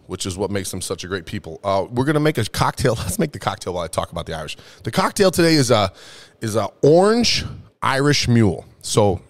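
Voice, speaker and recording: Tipsy young male host, lowish voice with a lot of swing, profane and rambling. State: tipsy from drinking. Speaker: podcast host. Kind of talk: casual comedic monologue.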